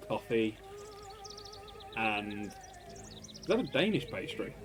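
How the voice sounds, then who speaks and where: A man's voice: mid-range voice, lively intonation, normal speed, over music. A man streaming a game, joking and laughing often as he comments. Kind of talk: casual let's-play commentary.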